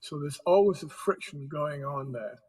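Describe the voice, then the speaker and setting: Husky-voiced male author telling history. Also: a little high, moderate pace, a little mellow, rough recording. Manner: explains history in a storytelling way. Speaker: author guest. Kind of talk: interview conversation.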